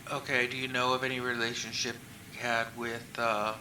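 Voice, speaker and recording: A male investigator asks short, matter-of-fact questions in a flat, very bright voice. The old recording sounds echoey and has a faint hiss in the background. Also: medium pitch, normal speed. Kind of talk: recorded police interview.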